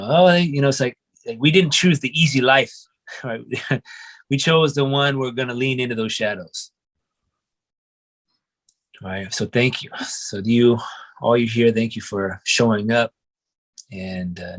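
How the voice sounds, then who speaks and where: A man's voice: medium pitch, a bit bright. Reflective man with casual filler-heavy talk. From United States (grew up in Oregon). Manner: casual, reflective, peppers speech with "you know" and "man". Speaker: qigong and breathwork instructor, guest. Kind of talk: casual conversational storytelling.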